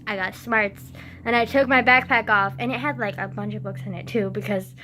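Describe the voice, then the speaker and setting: A woman's voice: mid-range voice, brisk, bright, forceful tone, faint music behind. A young woman rambling in a casual vlog, self-mocking and swearing often, with lots of fillers. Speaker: vlogger.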